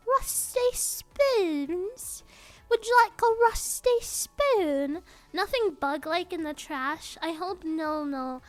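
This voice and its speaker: A woman's voice: sits high, a bit bright. A woman streamer chatting casually to her viewers, giggling often and mocking herself with joking asides. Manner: giggly, self-mocking, jokey rambling.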